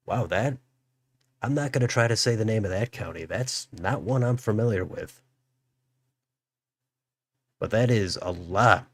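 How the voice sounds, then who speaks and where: Male host, low voice, dry close sound, musing live election commentary. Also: dry recording. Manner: musing aloud, thinking through results. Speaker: political livestream host.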